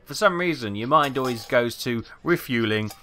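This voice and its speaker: A man's voice: mid-range voice, expressive, normal speed, bright, forceful tone, slight background noise. A Welsh man casually chatting and muttering through a simulator game as he plays, with a run of British exclamations. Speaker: gaming video host. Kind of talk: casual let's play commentary.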